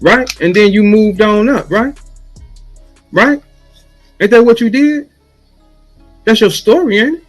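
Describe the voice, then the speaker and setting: A man from St. Louis, a battle rapper, in a heated rant full of swearing, taunting his target and mimicking a flat chant. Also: high-pitched, measured pace, pauses often, soft background music, rough recording. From St. Louis, USA.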